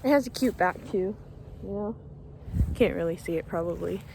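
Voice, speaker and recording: A woman's voice: mid-range voice, normal speed, creaky, a little hiss or hum. A young woman chatting casually and a little emotionally in a vlog, walking outdoors by a pond, a bit out of breath from the cold. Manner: soft-spoken, emotional, laughs often. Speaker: vlogger.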